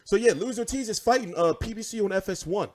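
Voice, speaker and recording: A man's voice: high voice, quick pace. A young man hosting a boxing show, swearing freely and telling stories with animation. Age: 20s. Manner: profane, animated storytelling. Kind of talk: casual livestream chat.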